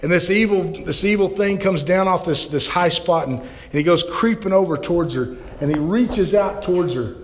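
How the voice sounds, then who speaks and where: A man's voice: sits high, moderate pace, hardly any pauses, big-room sound. A man preaching a sermon in a church, impassioned and often stammering on repeated words. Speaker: pastor.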